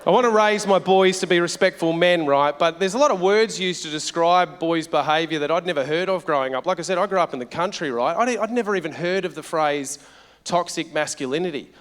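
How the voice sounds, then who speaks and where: A man's voice: fairly high pitch, a little fast, fairly bright tone. Brash, sweary man doing stand-up. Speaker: stand-up comedian. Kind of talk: stand-up comedy set. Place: large theatre stage. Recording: live venue with long reverb.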